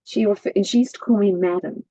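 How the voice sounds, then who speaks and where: A woman's voice: mid-range voice, fast, no echo, dull audio. Musical-voiced woman telling stories. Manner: lively storyteller with a musical cadence. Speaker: guest. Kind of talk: casual chat.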